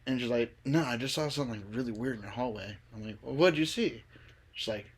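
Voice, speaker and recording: A man's voice: mid-range voice, fairly quick, breathy edge. A young man chatting casually and telling a spooky story, swearing freely and laughing through it. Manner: laid-back, swears a lot, laughs through his stories.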